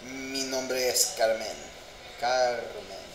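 A man's voice: mid-range voice, expressive, moderate pace. Man, casual vlog, rambling, self-amused, echoey room, faint background hum. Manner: rambling, self-amused, sounds out words aloud. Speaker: vlogger. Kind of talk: casual language-learning vlog.

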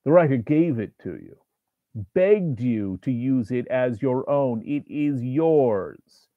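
A man's voice: mid-range voice, expressive, takes it slowly, no room sound. A man voicing a contemptuous male demon who tempts and taunts, with a harsh, grating manner, over a tinny phone-like recording. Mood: scornful. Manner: taunting, coaxing, scornful. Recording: tinny phone-like dry sound.

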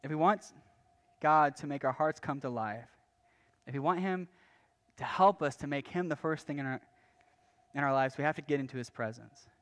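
A pastor preaching a sermon in a casual, conversational way, often restarting phrases and adding light asides. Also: male voice, on the high side, moderate pace, long pauses. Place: church.

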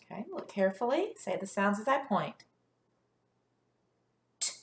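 Woman teacher, phonics lesson, slow sounding-out, echoey room. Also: medium pitch, very animated. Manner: slow, sounding out letters, encouraging praise. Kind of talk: first grade phonics lesson.

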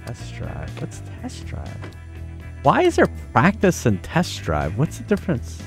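A man streaming a game, joking and thinking out loud as he plays. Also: mid-range voice, wildly swooping pitch, a little slow, vocal fry, faint music behind. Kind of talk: casual gameplay commentary.

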